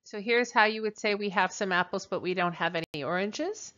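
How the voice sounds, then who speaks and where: A woman teacher leading a recorded translation drill, speaking slowly and deliberately with pauses. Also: mid-range voice, fairly bright tone, muffled recording. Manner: slow, deliberate dictation with pauses. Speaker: French teacher.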